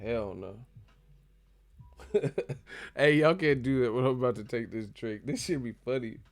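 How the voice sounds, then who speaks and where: A man's voice: mid-range voice, unhurried, creaky, no room sound. A man from California hosting a casual live stream, joking, swearing and laughing a lot as he reacts to his chat. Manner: joking, laughing often, profane, mimics voices.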